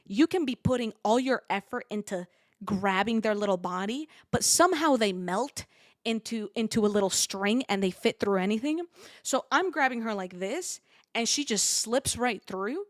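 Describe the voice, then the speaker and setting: A woman's voice: fairly high pitch, normal speed, dry recording, clean studio sound. Chatty young woman telling a story. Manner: animated, rambling with many fillers. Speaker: streamer. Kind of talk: casual storytelling.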